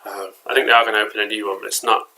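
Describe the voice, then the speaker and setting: A lowish, creaky voice comes through rapid-fire, steady in tone yet pushed and bright, on a low-quality recording with a little hiss or hum. It belongs to an English-accented collectibles vlogger rambling casually indoors at home, stumbling over fillers and restarts.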